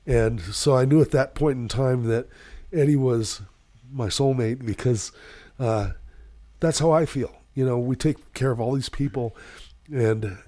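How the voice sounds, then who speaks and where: Casting: middle-aged male paramedic, casual podcast talk, emotional, halting, filler-heavy storytelling. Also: mid-range voice, mellow. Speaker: paramedic guest.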